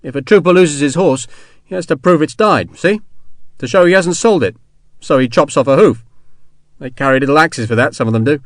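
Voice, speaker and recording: A man voicing a bluff, kindly young English sergeant who talks in rough, chatty soldier's speech. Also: a little high, brisk, no echo, studio quality, close to an everyday voice. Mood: reassuring.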